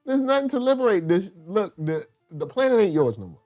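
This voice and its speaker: A man hosting a casual review show, talking in animated slang and acting out characters in quick asides. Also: high voice, faint music behind. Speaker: show host reviewing a TV series.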